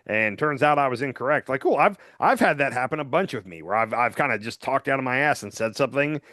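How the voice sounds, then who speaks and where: A man co-hosting a political podcast, talking casually and acting out quotes in a lively way. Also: mid-range voice, no room sound, studio quality. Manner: animated, quick to act out quotes. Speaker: podcast co-host.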